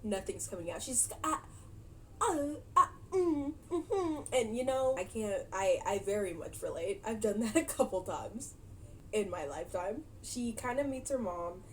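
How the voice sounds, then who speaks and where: A woman's voice: mid-range voice, expressive, normal speed, mellow, a little hiss or hum. A young woman casually recapping a movie for her vlog, chatty and giggly, animating her retelling. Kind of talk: casual chat.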